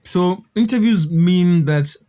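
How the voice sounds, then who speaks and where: A man's voice: sits high, slow pace, dark tone. A man chatting as a guest musician on a podcast, laid-back and candid, laughing easily. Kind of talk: casual podcast chat.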